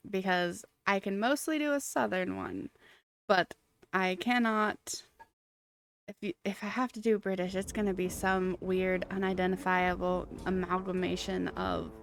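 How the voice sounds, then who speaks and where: A woman game streamer chatting casually with her live viewers, giggly and self-deprecating. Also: mid-range voice.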